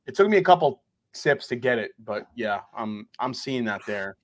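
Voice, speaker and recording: A man with an average-pitched voice chats as a guest on a live whiskey stream. He rambles through stories, cracks jokes and swears casually. His tone is loose and conversational. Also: lively intonation, normal speed.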